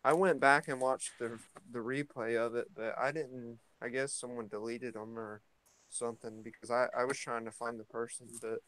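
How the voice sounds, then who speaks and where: This morning-chat vlogger speaks at a moderate pace in a medium-pitched voice, captured on a low-quality recording. Relaxed and rambling, he hesitates often, restarting and using fillers as he heads out from his home into the yard.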